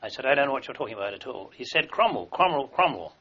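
A man's voice: mid-range voice, rapid-fire, breathy edge. An older man, an army veteran, telling long wartime anecdotes in a rambling way with fillers and restarts, in a dull lo-fi recording. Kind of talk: oral history recollection.

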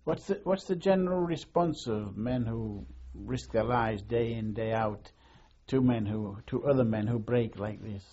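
Husky male interviewer on old tape. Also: on the low side, a little slow, few pauses, mellow. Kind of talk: oral history interview questions. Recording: dull lo-fi tape.

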